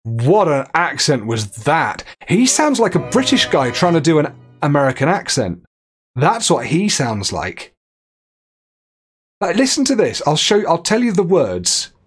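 A man's voice: a little high, big pitch swings, a little slow, breathy edge, faint music behind. Chatty man streaming a game. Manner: chatty, reads chat aloud and laughs often. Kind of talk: live game stream commentary.

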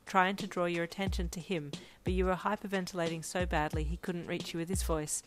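A woman reading a fanfiction story aloud in a soft, expressive narration. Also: fairly low pitch, brisk, few pauses, a little hiss or hum. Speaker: fanfiction reader.

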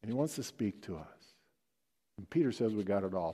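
A male pastor preaching a sermon, joking and folksy at first, then leading a hushed, slow guided prayer. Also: lowish voice, animated, breathy edge. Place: church sanctuary. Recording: long church reverb.

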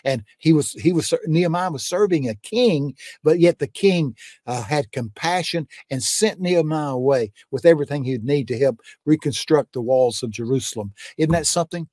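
A man's voice: a little high, moderate pace, a little mellow, dry recording, studio quality. An older man, a guest preacher, telling faith testimonies in a folksy, fervent conversational way and often repeating "I'm telling you.".

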